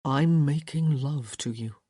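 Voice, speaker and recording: A woman voicing a confident, tender young male lover, speaking in a low murmur and often in a whisper. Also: slow, warm tone, slightly rough, dry recording, studio quality, heavily acted.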